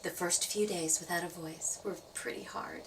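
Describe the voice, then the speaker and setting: A woman storyteller reading a children's story aloud, playful and expressive. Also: fairly low pitch, normal speed, distant mic, background noise. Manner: expressive, playful sound effects.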